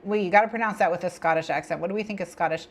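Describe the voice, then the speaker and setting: A woman hosting a casual co-working livestream, talking in a rambling, chatty way with bursts of excitement. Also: on the low side, racing. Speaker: livestream host. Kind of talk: casual co-working stream chat.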